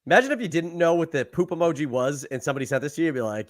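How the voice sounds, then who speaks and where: A man's voice: on the high side, lively intonation, very fast. Laughing, rambling podcast host man. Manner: rambling, laughs often, restarts a lot. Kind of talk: casual chat.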